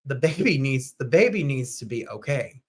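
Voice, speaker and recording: A man hosting a live online show, chatting casually and animatedly, with sudden jumps to loud, high outbursts. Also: big pitch swings, normal speed, husky. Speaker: host. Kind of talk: casual livestream chat.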